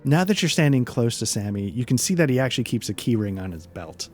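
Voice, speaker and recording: A man's voice: mid-range voice, big pitch swings, fast, darkish tone. A man narrating a tabletop game as game master, rambling and hesitant with many fillers.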